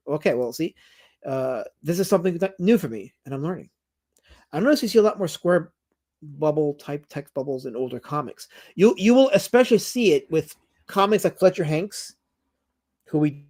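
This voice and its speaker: A man's voice: a little high, darkish tone. A man hosting a casual livestream, reading out chat comments and rambling with many restarts and fillers.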